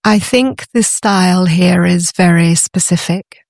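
A woman's voice: fairly low pitch, a little slow, vocal fry, no echo, studio quality. A British woman speaking as a guest in a casual podcast interview, often repeating words as she starts a thought. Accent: British English. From Britain. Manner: warm, repeats words when starting sentences. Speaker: guest, antiques business owner.

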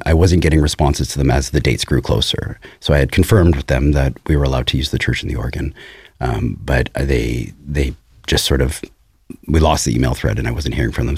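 A man, a composer and producer, talking through his recording work in a thoughtful, measured way with frequent pauses. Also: a bass voice, a little mellow, breathy edge, no echo, studio quality. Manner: thoughtful, many "um"s and restarts, measured storytelling. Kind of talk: casual interview conversation.

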